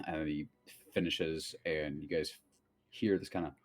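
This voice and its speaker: A man narrating a tabletop game as game master, in a loose, relaxed way with lots of fillers. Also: rumbling low, a little slow.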